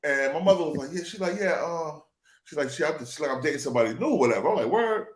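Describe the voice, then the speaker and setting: Fast-talking dude from new jersey telling a story, kinda high voice, echoey room. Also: male voice. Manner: animated, acts out quoted voices. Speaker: show host. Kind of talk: casual storytelling.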